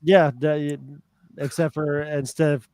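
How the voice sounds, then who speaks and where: A man's voice: on the high side, little pitch movement, slow pace, a little mellow, clean tone, no room sound. Man giving dry podcast remarks. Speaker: podcast co-host. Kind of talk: casual podcast chat.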